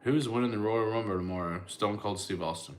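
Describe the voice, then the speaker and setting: A man's voice: on the low side, fast, a little hiss or hum. A middle-aged man, a comedian chatting casually on a livestream and answering viewers' comments. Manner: laid-back, chatty, thanks viewers by name.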